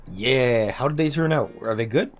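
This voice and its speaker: A man's voice: normal speed, soft background music. A man casually chatting with his chat during a gameplay livestream, joking and muttering to himself while he plays. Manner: drops to low muttering when focused on the game. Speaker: streamer.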